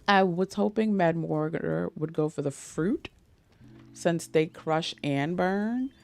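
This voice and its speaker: A woman's voice: fairly low pitch, slow pace, creaky, soft background music. A woman streamer chatting casually with her viewers while playing, laughing often and greeting people in chat. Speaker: game streamer.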